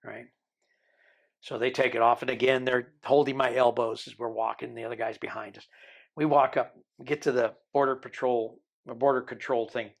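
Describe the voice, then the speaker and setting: A man in his sixties, a podcast guest, telling a long story in a lively way and acting out the people he quotes. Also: mid-range voice, normal speed, creaky. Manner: animated storyteller who mimics the people he quotes.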